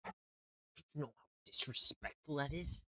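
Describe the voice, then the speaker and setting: A man's voice: a little high, normal speed, sharp tone, no room sound. A man giving casual gameplay commentary, joking and grumbling at the game. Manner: joking, repeats meme lines, grumbles at the game. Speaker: gamer.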